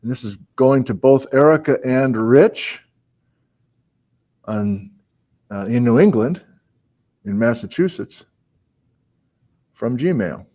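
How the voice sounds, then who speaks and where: A man's voice: mid-range voice, lively intonation, slow pace, long pauses, warm tone. A man hosting a live-streamed program, chatting casually, greeting viewers and reading out their hometowns, with frequent fillers and asides. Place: small indoor room on a college campus.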